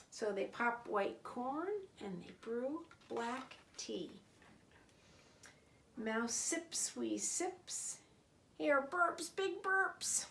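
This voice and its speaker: A woman reading a picture book aloud to children in an expressive, sing-song way. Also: high voice, extremely slow, gravelly, a little hiss or hum. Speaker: storyteller.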